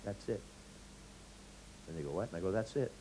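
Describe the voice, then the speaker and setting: A man lectures on hypnotherapy, weaving in anecdotes and acting out lines in a sing-song voice. His pitch rises and falls with lively, animated range. A faint hiss sits under the recording. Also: brisk, low-quality recording. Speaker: hypnotherapy instructor.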